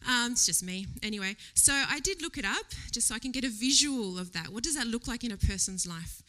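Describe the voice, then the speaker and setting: Chatty bright-voiced woman preaching. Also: a little high, fairly quick. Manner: chatty and animated, laughing often, whispering quoted thoughts. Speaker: lay preacher. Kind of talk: casual church sermon with a personal story. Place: church service before a congregation.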